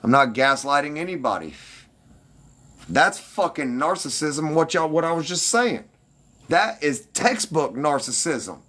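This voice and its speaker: A man's voice: fairly high pitch, very animated, measured pace, fairly bright tone. A man ranting defensively and with heavy profanity at his livestream commenters.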